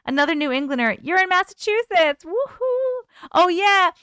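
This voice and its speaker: A woman's voice: very high voice, lively intonation, unhurried, pushed and bright, no room sound, clean studio sound. A woman from the UK hosting a live stream at home, chatting casually and answering viewer comments as they come in. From United Kingdom.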